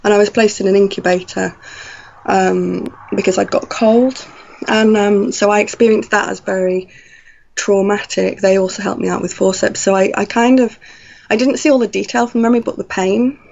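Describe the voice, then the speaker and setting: A woman telling a personal story in an animated way, acting out her own past thoughts. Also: medium pitch, normal speed, gravelly. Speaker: guest. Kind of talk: conversational storytelling. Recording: slightly dull lo-fi audio.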